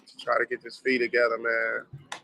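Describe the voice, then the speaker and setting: A hoarse young man from Gary, Indiana talks into his livestream in a flat, weary drone, his voice worn out from yelling and sickness. He pleads with viewers in a low, tired tone that hardly rises or falls. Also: moderate pace, a little hiss or hum, low-quality recording. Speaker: livestreamer asking viewers for money. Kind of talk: casual livestream talk.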